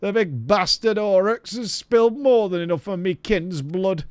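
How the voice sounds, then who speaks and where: A man voicing a worried, gruff male villager in a video game, speaking slowly in a rough dialect. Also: high voice, no room sound, pitched above the performer's own voice, close to an everyday voice. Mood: pleading.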